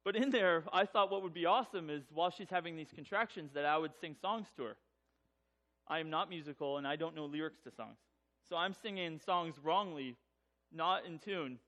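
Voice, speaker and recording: A man's voice: fairly high pitch, a little fast. A man telling a personal story to an audience, humorous and self-mocking, acting out the voices. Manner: animated, acts out voices in his telling.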